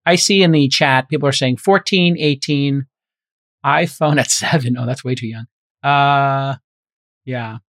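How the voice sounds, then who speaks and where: A man's voice: mid-range voice, unhurried, fairly bright tone, no room sound. A middle-aged man hosting a podcast, chatting casually and thinking aloud with plenty of fillers. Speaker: podcast host.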